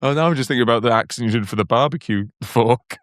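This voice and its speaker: A man's voice: medium pitch, quick pace, no echo, studio quality. A man co-hosting a comedy podcast, telling stories and laughing often in casual chat. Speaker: podcast co-host.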